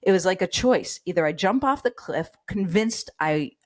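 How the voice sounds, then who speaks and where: A woman's voice: on the low side, moderate pace. Woman telling a personal story with animation. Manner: animated storytelling with quoted voices. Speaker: guest, nurse and educator. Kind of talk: personal story in a podcast interview.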